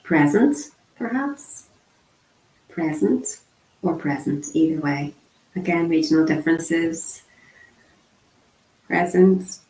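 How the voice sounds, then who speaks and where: A woman's voice: deep voice, mellow. Chatty woman in an echoey room. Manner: chatty, unhurried, with frequent ums. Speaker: voice of a sign language teacher. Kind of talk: casual online sign language lesson.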